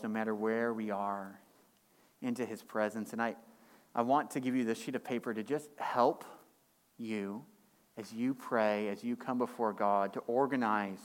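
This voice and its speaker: Guy pastor giving a sermon, gets fired up on the big points then goes soft and low. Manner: impassioned, rising in pitch and force on key points; drops to a quiet, low delivery for reflective passages.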